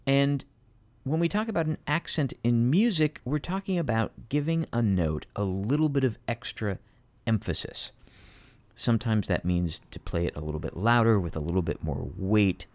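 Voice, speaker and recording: A man's voice: medium pitch, expressive, normal speed, a little mellow, no echo. A man teaching piano, patiently walking students through a piece step by step. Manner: patient, methodical, emphatic explanations.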